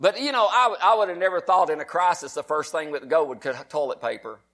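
A man preaching as a pastor, reading scripture slowly and with emphasis. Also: fairly high pitch, sharp tone. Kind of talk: sermon.

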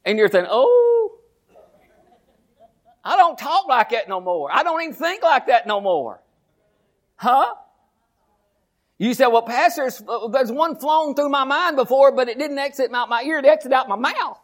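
A middle-aged man preaching a sermon as pastor, animated, folksy and repeating his phrases. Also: very high voice, moderate pace.

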